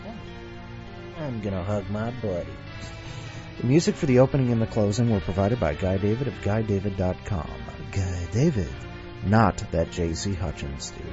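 A man hosting a story podcast, reading stories aloud and rambling jokingly between them. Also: mid-range voice. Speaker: podcast host. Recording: dull lo-fi recording with faint music.

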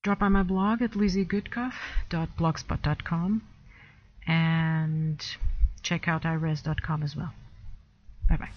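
A woman reading a short story aloud in a measured, solemn way, then signing off. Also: sits low, steady tone. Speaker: story contributor. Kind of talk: read-aloud story narration. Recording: dull lo-fi recording.

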